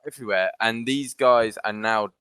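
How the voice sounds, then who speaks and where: A man on a casual podcast, his lowish voice bright and forceful. He mostly chimes in with short agreements and dry jokes. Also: normal speed, slight background noise. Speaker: podcast co-host. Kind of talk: casual chat.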